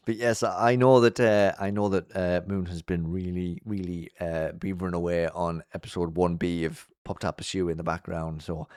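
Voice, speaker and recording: A man hosting a casual commentary vlog, chatty and upbeat, with lots of fillers and restarts, and his voice jumps high when he gets sincere. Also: little pitch movement, moderate pace, hardly any pauses, a little mellow, smooth, no echo, studio quality. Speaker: YouTube show host.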